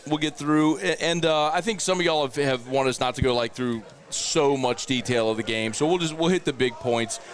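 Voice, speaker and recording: A man's voice: medium pitch, moderate pace, hardly any pauses. A man hosting a postgame sports show from a cigar bar, talking casually and teasing his co-host. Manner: laid-back, teasing, laughs often.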